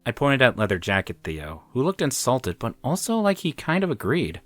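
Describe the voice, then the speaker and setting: A man's voice: medium pitch, huge pitch swings, moderate pace, no room sound. A man narrating a first-person story in a wry, dramatic way.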